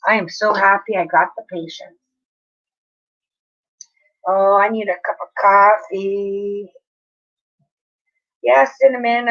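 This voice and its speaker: A woman's voice: medium pitch, fairly bright tone, lo-fi sound. A woman chatting casually with viewers on a live stream, apologetic and talking straight to her chat.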